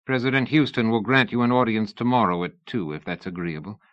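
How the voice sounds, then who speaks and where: A sly, smug young dandy, as a male narrator puts him on, smooth-talking and pleased with himself. The voice sits fairly low and the audiobook recording is dry, with a slightly dull, muffled tone. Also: animated, brisk, fairly bright tone, no room sound.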